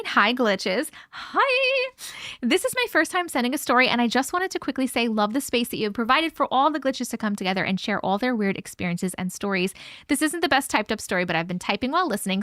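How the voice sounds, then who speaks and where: A woman's voice: high-pitched, pushed and bright, no room sound, studio quality. A woman hosting a live stream, reading a viewer's story aloud and breaking in with chatty asides. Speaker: host reading viewer stories.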